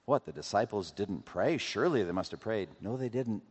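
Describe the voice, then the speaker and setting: A man preaching a sermon as pastor, asking rhetorical questions and acting out quotes in an animated way. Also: on the low side, brisk, husky. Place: church sanctuary. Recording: long hall reverb.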